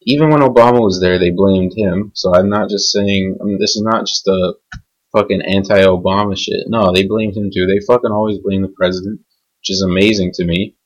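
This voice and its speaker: A man's voice: deep voice, fairly even intonation, normal speed, lo-fi sound. A young adult man delivering an angry, cynical, profanity-heavy rant. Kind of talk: profane ranting monologue.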